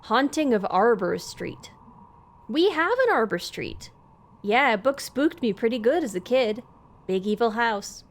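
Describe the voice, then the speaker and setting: Girl streaming a game live, kinda high voice, reads the dialogue out loud and chats with viewers in between. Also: big pitch swings, unhurried. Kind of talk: live let's play commentary.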